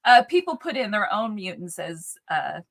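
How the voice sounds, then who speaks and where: A woman's voice: mid-range voice, sing-song, moderate pace, fairly bright tone. A woman co-hosting a live chat show, chatting and reading out viewer questions. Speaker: co-host.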